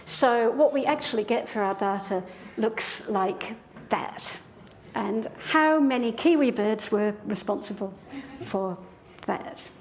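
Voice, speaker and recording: A woman's voice: a little high, slow pace. A woman professor giving a public lecture in a hall with an audience, explaining ideas step by step in an enthusiastic way.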